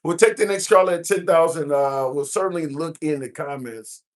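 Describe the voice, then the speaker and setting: A man's voice: fairly high pitch, moderate pace. A man from the American Midwest hosting a casual live stream, chatting and reading comments aloud with frequent fillers. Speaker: livestream host. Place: cruise ship at sea.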